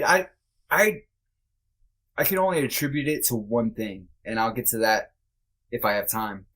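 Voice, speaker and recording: With a fairly bright, mid-range voice, a male podcast guest tells a personal story at a moderate pace, leaving long pauses. He speaks candidly and casually, using lots of fillers, and he's blunt, sometimes swearing.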